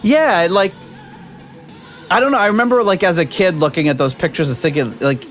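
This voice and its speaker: A man with a high, fairly quick and fairly bright voice hosts a podcast, chatting casually over a video call with faint music behind him. He rambles with lots of fillers and laughs frequently.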